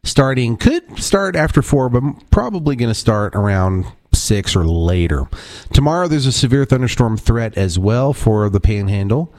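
A man's voice: medium pitch, expressive, moderate pace, a little mellow, no echo. A man hosting a local call-in radio show, chatty and rambling, correcting himself as he goes. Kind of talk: casual radio talk. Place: radio studio.

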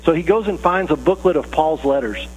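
A man preaching a sermon and telling a story in a relaxed, conversational way, with fillers and restarts. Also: on the high side, fairly quick, breathy edge. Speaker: pastor. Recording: long reverb with faint hum.

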